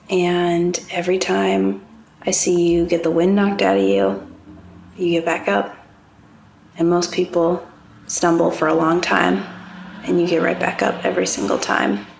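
Steady, gravelly-voiced woman podcast host. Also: lowish voice, a little hiss or hum. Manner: warm, measured, affirming. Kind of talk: casual heartfelt conversation.

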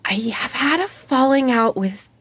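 A woman's voice: high-pitched, expressive, normal speed, fairly bright tone, breathy edge, no echo. A woman playing a tabletop game, narrating her character and acting out her lines with playful energy. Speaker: player. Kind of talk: tabletop role-play banter.

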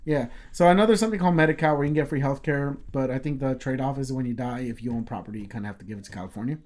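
A man's voice: mid-range voice, rapid-fire, a little mellow. A man telling a story in casual chat, rambling with lots of fillers and swearing freely.

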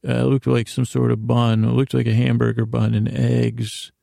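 Male podcast host, gravelly and mellow, meandering casual recap, dry close sound. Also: mid-range voice, monotone, moderate pace, no echo. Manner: meandering, self-correcting, reads his notes aloud.

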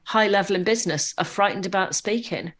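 A woman guest in a casual interview, chatting and telling anecdotes in a lively way. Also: medium pitch, fairly quick. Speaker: podcast guest.

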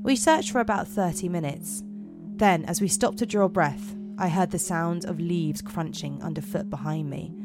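Low-voiced woman reading a horror tale. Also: normal speed, few pauses, music in the background. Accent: put-on American. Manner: dramatic, giggly reading with slips. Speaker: podcast host and storyteller. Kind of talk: reading horror stories aloud.

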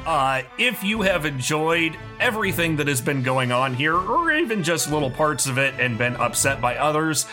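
A man narrating a tabletop game as game master, calm and measured, with music behind him. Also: a little high.

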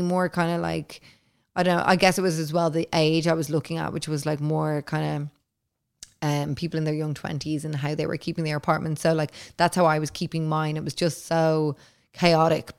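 A woman's voice: deep voice, creaky, clean tone. Chatty, cursing woman telling a story. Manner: chatty, heavy filler words, frequent swearing. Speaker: podcast host. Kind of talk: casual storytelling.

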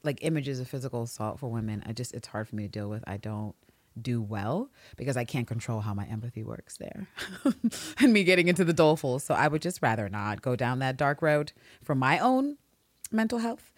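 A woman co-hosting a casual podcast, animated and quick to laugh, swearing freely as she talks. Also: a bass voice, no room sound. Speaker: podcast co-host.

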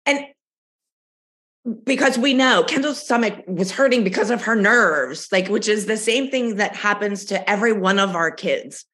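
A woman with a mid-pitched voice talks casually on a podcast. She states her views bluntly. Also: normal speed, a bit bright. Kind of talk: casual chat.

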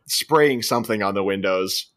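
A man's voice: on the low side, moderate pace, a bit bright. A man co-hosting a podcast, casually retelling a film's scenes and jumping into quoted voices. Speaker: podcast co-host. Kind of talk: casual movie review chat.

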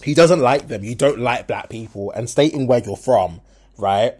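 A young man from the English Midlands hosts a solo podcast, his accent switching between Birmingham and London. His mid-range voice is husky and a little mellow at normal speed, and his frank, rambling monologue is full of fillers and restarts.

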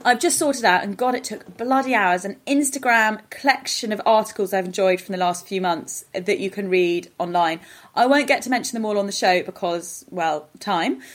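Wry Danish woman podcast co-host. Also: mid-range voice. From Denmark. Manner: wry, opinionated, chatty. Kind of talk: casual chat. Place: home, recording remotely.

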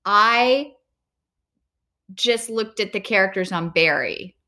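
A woman's voice: medium pitch, takes it slowly, sharp tone. A woman interviewing an actor in a chatty, easygoing way. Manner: chatty, laughs easily. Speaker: interviewer and actress. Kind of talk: casual conversation.

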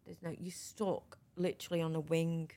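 Lively, frank woman guest telling stories. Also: sits low, moderate pace. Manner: lively, frank, runs sentences together with restarts. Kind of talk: conversational storytelling interview.

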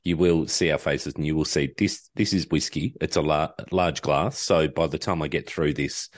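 Very deep-voiced man, dry joking tone. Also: normal speed, no echo. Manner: dry, joking, deadpan humor. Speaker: podcast co-host, guest. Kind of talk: casual podcast chat.

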